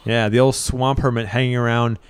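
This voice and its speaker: A man casually telling a spooky story as co-host, relaxed and halting with fillers. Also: mid-range voice, clean tone.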